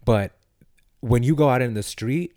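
A man's voice: mid-range voice, moderate pace, a little mellow, no echo, clean studio sound. A man co-hosting a podcast, talking earnestly and laying out long arguments in a casual discussion. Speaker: podcast co-host.

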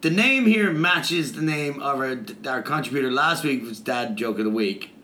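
A man's voice: mid-range voice, expressive, normal speed, pushed and bright. A man co-hosting a casual podcast, teasing his partner and reading out a listener review. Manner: laughing, teasing, profane. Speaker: podcast co-host.

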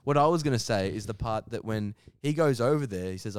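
A man's voice: lowish voice, animated, a little mellow, clean tone, no room sound, studio quality. A young man, teasing his friends and retelling events in casual chat. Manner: teasing, retells with quick mimicry, laughs.

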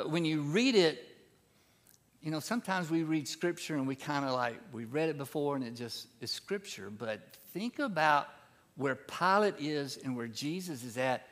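A man preaching a sermon as pastor, reading scripture and then explaining it in a conversational teaching way, his voice climbing in pitch and volume for emphasis. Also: a bit bright.

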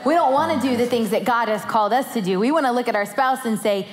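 Animated storytelling woman in echoey hall. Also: fairly high pitch, a little fast. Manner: animated, acts out her children's voices. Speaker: pastor's wife and co-speaker. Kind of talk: storytelling sermon talk.

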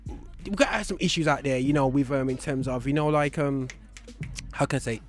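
Fast-talking male radio host. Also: mid-range voice, soft background music. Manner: rambling, joking, many fillers and restarts. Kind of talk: casual radio banter.

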